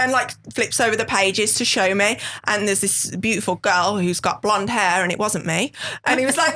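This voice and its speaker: A woman with a broad Birmingham accent chats as a guest on a podcast. She is open and informal, laughs a lot and drops the odd swear word. Her pitch sits in an ordinary middle range. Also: fairly quick, few pauses, a bit bright. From England. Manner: chatty, laughs often, swears casually. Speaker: guest, model. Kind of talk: casual podcast chat.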